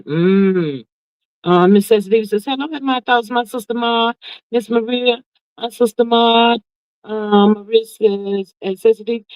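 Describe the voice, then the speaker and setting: A woman hosting a casual livestream, reading viewer comments aloud and reacting in a sassy, drawn-out way, calling everyone "child" and "honey". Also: mid-range voice, darkish tone, no echo. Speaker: livestream host. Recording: dull, lo-fi, dry sound.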